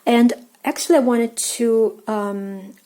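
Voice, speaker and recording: A woman with a Russian accent teaching an online language lesson, explaining casually with fillers and repeating words slowly for practice. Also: fairly high pitch, steady tone, warm tone.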